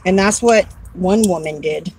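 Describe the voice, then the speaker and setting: A woman's voice: lowish voice, unhurried, darkish tone, husky, poor audio. A woman and caregiver advocate talking casually on a livestream, heartfelt and rambling, repeating words as she goes.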